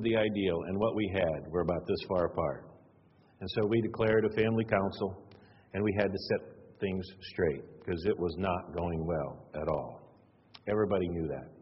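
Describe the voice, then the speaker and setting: A middle-aged man with a somewhat low voice and a slight hiss or hum preaches a sermon. He tells family stories in a chatty, self-deprecating way, often repeating words for emphasis. The recording sounds dull, with a long hall reverb.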